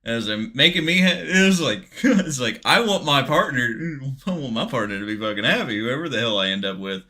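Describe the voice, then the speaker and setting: A man's voice: medium pitch, brisk. A man co-hosting a casual gaming podcast, talking candidly and swearing as he tells stories about dating. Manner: candid, swearing, animated storytelling. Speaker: streamer co-host.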